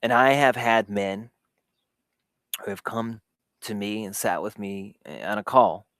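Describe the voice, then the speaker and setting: A man with a lowish voice tells his own story to a live audience, candid and self-deprecating. He lingers on small physical details and laughs easily. The sound is dry and close, with no room around it. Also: slow pace, a bit bright, smooth, no room sound. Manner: recounts sensations in vivid detail. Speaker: host of a live show for dads. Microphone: camera setup in a home recording space.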